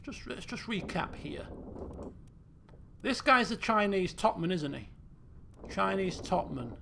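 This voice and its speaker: Creaky-voiced man musing over a game. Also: high-pitched, expressive, slow, noisy background. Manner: muses and questions himself. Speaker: let's play streamer. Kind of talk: thinking aloud while playing. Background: game music.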